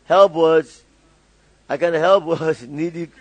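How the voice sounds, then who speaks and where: A man's voice: a little high, steady tone, takes it slowly, no echo, rough recording. A male pastor preaching a sermon, calling on the congregation to fill in and repeat lines, often laughing. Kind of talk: call-and-response sermon.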